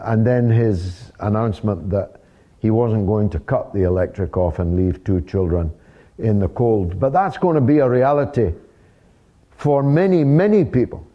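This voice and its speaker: A man's voice: mid-range voice, mellow, dull audio. A Scottish man in his sixties, from Dundee, telling anecdotes with wry humor to a live audience. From Dundee, Scotland. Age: 60s. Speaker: host of a talk show. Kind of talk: storytelling talk to a live audience.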